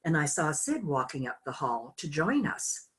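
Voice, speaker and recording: An older woman teaching an online course, telling a personal story in a slow, halting, reflective way with many fillers. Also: low voice, sing-song, a bit bright. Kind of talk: personal storytelling in a group call.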